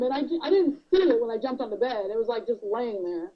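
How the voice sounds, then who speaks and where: A woman co-hosting a casual podcast chat who tells stories with lively energy and acts out her own panicked lines. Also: a little high, quick pace. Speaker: podcast co-host. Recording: dull lo-fi podcast audio.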